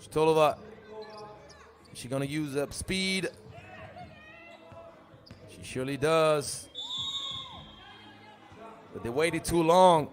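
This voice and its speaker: A man's voice: fairly high pitch, slow, pauses often, soft background music. A man doing live play-by-play commentary for a basketball tournament, joking and chatting between calls. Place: arena at a live 3x3 tournament.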